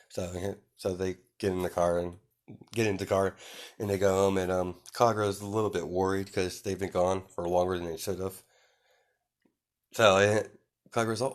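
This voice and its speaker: A man's voice: low voice, flat delivery, moderate pace. A man narrating an improvised fan story, rambling with many fillers and self-corrections.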